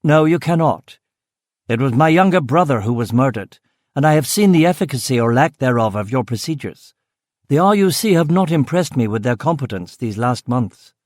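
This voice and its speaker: A man's voice: medium pitch, expressive, moderate pace, a little mellow, no echo, clean studio sound, lightly acted. A man voicing an indignant, upper-class Anglo-Irish landowner of about forty, with a clipped, formal way of speaking. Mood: haughty. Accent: 1930s Anglo-Irish upper class.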